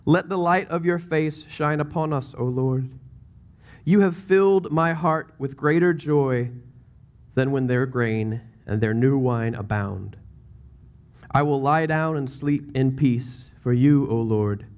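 A man reading a psalm in a put-on Cajun accent, slow and drawn out. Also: medium pitch, a little mellow. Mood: earnest.

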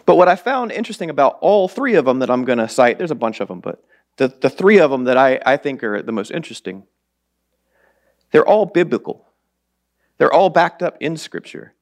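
A man's voice: mid-range voice, sing-song, fairly quick. A man preaching a sermon in a church in a casual, rambling, self-deprecating way, his voice a bit strained. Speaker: lay preacher. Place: church sanctuary.

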